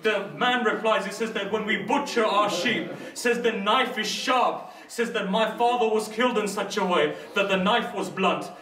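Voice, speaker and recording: A man's voice: sits high, normal speed, few pauses, sharp tone. A British man preaching a sermon, telling a story dramatically and voicing each figure in turn. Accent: British English. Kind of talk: majlis sermon narration. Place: mosque hall. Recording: echoey hall, distant mic.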